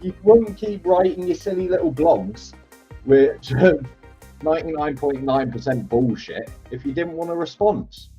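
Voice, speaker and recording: A man's voice: on the high side, lively intonation, unhurried, creaky, dark tone, husky, soft background music. A man arguing heatedly in an online stream, accusing and talking over the others. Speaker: guest in an online argument. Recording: dull lo-fi online stream audio.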